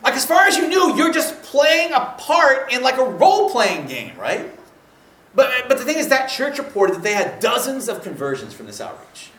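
A man telling a story in casual conversation, rambling and animated, laughing often and slipping into voices for the people he quotes. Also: very high-pitched, normal speed, echoey room, distant mic.

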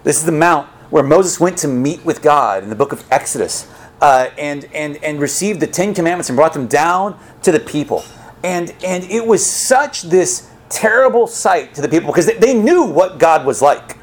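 A man preaching a sermon as a pastor, talking in a conversational, animated way with frequent restarts. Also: fairly high pitch, normal speed.

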